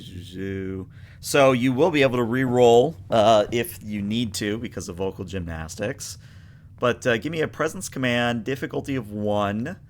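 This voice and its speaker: A man acting as game master in a tabletop role-playing game, calmly explaining rolls and results. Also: on the low side. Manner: relaxed, explaining dice rules.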